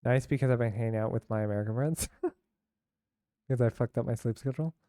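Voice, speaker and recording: A man's voice: medium pitch, quick pace, warm tone, no echo, clean studio sound. A young man from San Francisco chatting casually with his chat while streaming a game, rambling and laughing along.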